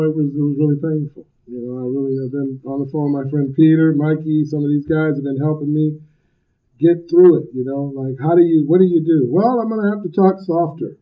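Brief: blunt, emphatic man, slightly high voice, giving a recovery talk; loud, joking; dull lo-fi recording. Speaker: speaker at a recovery meeting.

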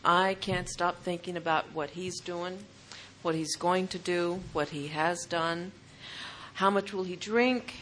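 A woman's voice: on the low side, steady tone, takes it slowly, fairly bright tone, slight background noise. A woman speaking at a recovery meeting, telling her own story earnestly and repeating phrases for emphasis. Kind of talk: personal testimony talk.

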